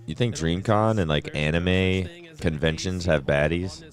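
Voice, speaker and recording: Deep-voiced man telling casual stories. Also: unhurried. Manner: loose and profane, acts out voices in anecdotes. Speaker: streamer host.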